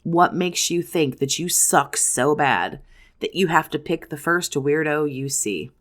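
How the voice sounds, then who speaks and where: A woman's voice: sits low, lively intonation, measured pace. A woman hosting a self-help video, giving blunt, profane advice to the camera in strings of rhetorical questions. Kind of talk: direct-to-camera advice talk.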